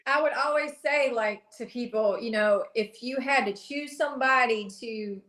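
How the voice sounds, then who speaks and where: A woman's voice: a little high, normal speed, fairly bright tone, echoey room. A young woman from South Carolina with a heavy Southern accent, a country singer chatting as a guest in a bubbly, gushing way with frequent laughs. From South Carolina, USA. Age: young adult. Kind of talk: casual interview chat.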